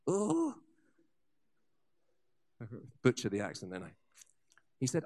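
A man preaching a sermon, telling revival stories with lively asides and frequent restarts. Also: high-pitched, moderate pace, long pauses. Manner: animated storyteller with asides and restarts. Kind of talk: sermon storytelling.

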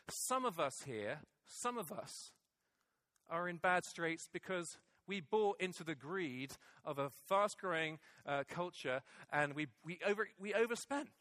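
A man's voice: high-pitched, sharp tone, dry recording. A middle-aged male pastor preaching a sermon, emphatic and repeating key phrases for weight. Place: church hall with congregation.

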